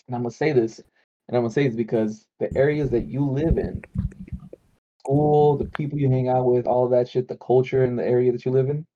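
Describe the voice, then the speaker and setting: A man's voice: mid-range voice, fairly even intonation, brisk, dull audio, slight background noise. A man from the Chicago area, co-hosting a casual chat and telling riled-up, profane stories. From Chicago area, USA. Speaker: podcast co-host.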